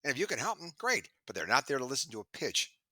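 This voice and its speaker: A middle-aged man on a video call chatting in an interview, telling stories with lively acted-out quotes. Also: medium pitch, fast talker, dry recording. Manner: animated storyteller, acts out quoted voices. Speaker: sales trainer and podcast guest. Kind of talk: casual interview chat.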